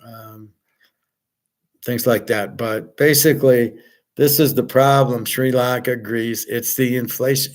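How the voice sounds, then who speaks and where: A man holding forth in a loose, rambling monologue. He talks bluntly and swears freely, and his voice sits at an ordinary middle pitch. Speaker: host. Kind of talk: casual monologue.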